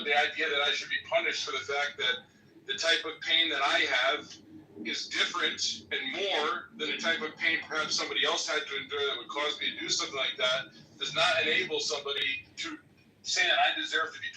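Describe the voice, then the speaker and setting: Calm, measured man in a roomy chat. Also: mid-range voice. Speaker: debate participant. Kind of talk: online voice-chat discussion. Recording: roomy, distant mic, faint noise.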